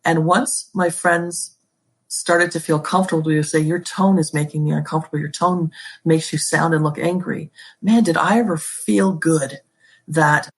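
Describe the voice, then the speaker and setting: A woman's voice: deep voice, fairly even intonation, normal speed, husky. A woman guest talking as an educator and school leader in a podcast interview, emphatic and passionate, with pet phrases she repeats.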